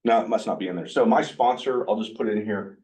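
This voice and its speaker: This workshop speaker, a blunt and animated man with a low voice, talks fast and casually to a live group in a meeting room about his recovery, performing his own quoted lines. The recording is low quality, taken from a distant mic.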